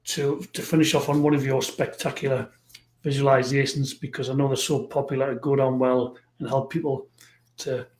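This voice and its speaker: A man hosting a live stream, chatting with a guest and reading out viewer comments in a halting, friendly way. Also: medium pitch, darkish tone. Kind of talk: casual interview chat. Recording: roomy echo.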